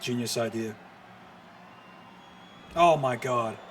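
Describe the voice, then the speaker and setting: A man doing live play-by-play commentary on a wrestling match, excitable and full of exclamations. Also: mid-range voice, slow pace, slight background noise. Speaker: streamer commentator.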